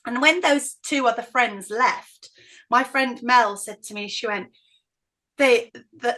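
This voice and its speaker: A middle-aged woman with a northern English accent, telling stories as an interview guest in an outspoken, animated way. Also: fairly high pitch, measured pace. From northern England. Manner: outspoken, animated, acts out quoted voices. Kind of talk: casual interview storytelling.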